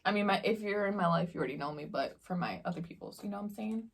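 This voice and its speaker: A young woman talking casually to her camera while she eats. She tells stories in a relaxed, slangy way, full of fillers, at a mid pitch. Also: very fast, husky. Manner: chatty slangy storytelling while eating. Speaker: vlogger. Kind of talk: casual mukbang Q&A chat.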